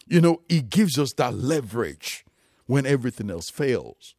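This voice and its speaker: A man's voice: medium pitch, sing-song, normal speed, darkish tone, no room sound, clean studio sound. A man preaching a sermon, emphatic and rising and falling for emphasis, calling his listeners loved ones.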